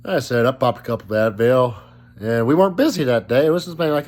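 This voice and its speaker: Sitting on his sofa at home, a young man vlogs a casual, wandering and foul-mouthed tale of his illness while a slight cough lingers. His voice is medium-pitched, fairly quick and a little mellow.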